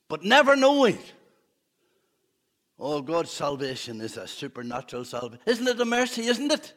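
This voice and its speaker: A man's voice: fairly high pitch, very animated, moderate pace, a bit bright. A man preaching a fervent evening sermon in church, with humorous asides.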